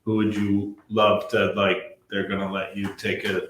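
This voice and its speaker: A man's voice: on the low side, little pitch movement, unhurried, a bit bright. Man asking eager questions in an echoey room. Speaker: co-host. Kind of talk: casual chat. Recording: echoey room with faint noise.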